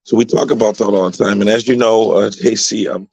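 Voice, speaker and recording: A man who coaches high school football, telling motivational stories in a radio interview with emphatic repeats. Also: fairly even intonation, a little fast, a little mellow, poor audio.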